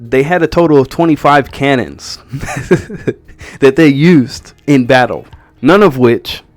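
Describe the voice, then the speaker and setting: A man's voice: medium pitch, moderate pace, dry recording. Blunt, sarcastic male film reviewer. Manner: blunt, sarcastic, exasperated critique. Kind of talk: casual opinionated commentary.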